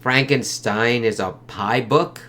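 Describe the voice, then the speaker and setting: A man's voice: medium pitch, slow pace, bright, forceful tone, slight background noise. A man reviewing a comic book in a loose, rambling way, full of fillers and swearing, who reads dialogue aloud between his comments. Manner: rambling, filler-heavy, profane. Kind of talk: casual spoken review.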